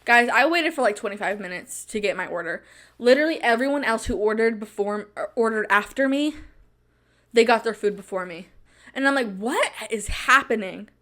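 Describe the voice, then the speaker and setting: High-voiced young woman telling a dramatic story. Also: expressive, a little fast, fairly bright tone. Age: young adult. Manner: dramatic, repeats phrases for emphasis, laughs often. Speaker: podcast host. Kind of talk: casual storytelling monologue.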